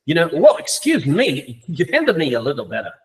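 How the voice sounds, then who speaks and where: A man's voice: a little high, wildly swooping pitch, fairly quick, rough recording. A man voicing an elegant old red chair, offended at being picked up, in a prim, complaining way. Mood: indignant.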